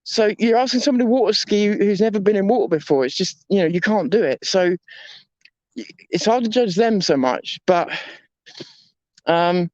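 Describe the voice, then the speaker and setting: Male vlogger, high voice, rambling reflective monologue, candid and self-deprecating, dull lo-fi recording. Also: expressive, normal speed, long pauses, dry recording. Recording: dull lo-fi dry sound.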